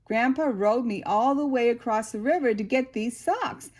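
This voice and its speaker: A woman reading aloud and voicing an excited, stubborn little girl in a storybook, with an eager sing-song manner. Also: a little high, normal speed, close to an everyday voice. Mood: thrilled.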